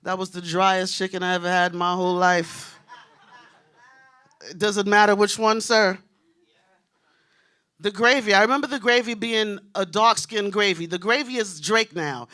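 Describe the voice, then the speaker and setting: A woman from Queens, doing a brash, animated stand-up set on a comedy club stage and talking straight to the crowd. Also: medium pitch, moderate pace, long pauses, clean tone. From Queens, New York. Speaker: stand-up comic.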